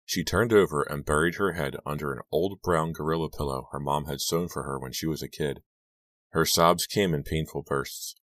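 A man reading a young-adult horror novel aloud, in a steady, measured manner. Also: very deep voice, no echo. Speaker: audiobook narrator. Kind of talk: scripted narration.

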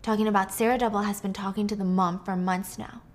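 A woman casually recapping a story, animated and joking, with some swearing. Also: medium pitch, fast.

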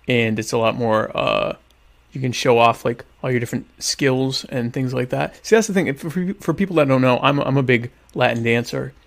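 A man chatting casually to viewers while eating dinner, rambling and joking with deadpan irony about being a quiet type. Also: mid-range voice, gravelly. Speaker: vlogger answering viewer questions. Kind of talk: casual comedic chat.

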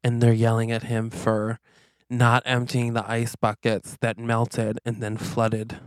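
Dude telling a goofy story on a podcast, does all the voices, dry close mic. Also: male voice, medium pitch, measured pace, smooth, no echo. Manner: animated, acts out dialogue in quotes. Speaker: podcast co-host. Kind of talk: comic storytelling, pitching a movie plot.

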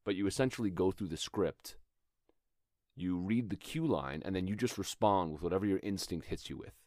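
A man's voice: sits low, fairly quick, dark tone, no room sound, studio quality. A man hosting an acting podcast, explaining script work in a thoughtful, conversational way and sometimes reading lines aloud to show them. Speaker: acting coach podcast host. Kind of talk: instructional talk.

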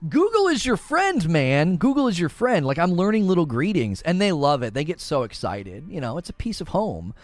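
A man with a fairly high voice and wildly swooping pitch speaks at normal speed, with no room sound. Hosting a live stream, he chats casually, reads viewer comments out loud, and laughs frequently.

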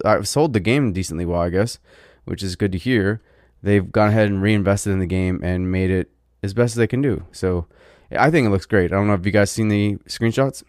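A man's voice: lowish voice, a little mellow, clean tone, no room sound, clean studio sound. A man co-hosting a gaming podcast, talking in a rambling, loose and chatty way with plenty of fillers. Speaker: podcast co-host. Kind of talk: casual gaming podcast chat.

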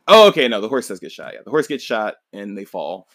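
A man's voice: fairly low pitch, sing-song, fast talker, a bit bright, no room sound. A man hosting a podcast, casually recapping a manga in a rambling, laid-back way, swearing and laughing along. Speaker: podcast host.

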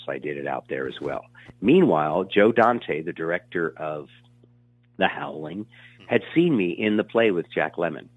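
A man in his sixties telling stories in an interview, rambling and animated, with many fillers and restarts. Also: deep voice, no echo. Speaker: actor being interviewed. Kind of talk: casual storytelling interview. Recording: tinny phone line.

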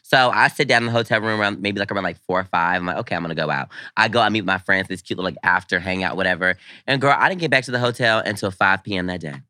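A young man co-hosting a podcast, telling stories in a loud, profane, casual way and acting out the quoted lines. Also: low voice, very fast, few pauses, dry recording, studio quality. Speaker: podcast co-host. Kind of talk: casual chat.

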